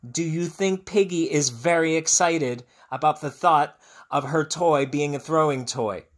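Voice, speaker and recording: A man teacher reading a picture book aloud to children, expressive and asking his listeners questions. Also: fairly high pitch, measured pace, reverberant.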